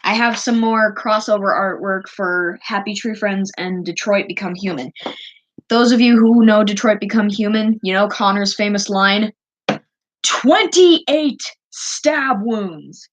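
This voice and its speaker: A woman's voice: medium pitch, steady tone, moderate pace, dull audio, slight background noise. A woman streamer chatting casually as she shows her drawings, rambling and gushing over cute things. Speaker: streamer showing her artwork.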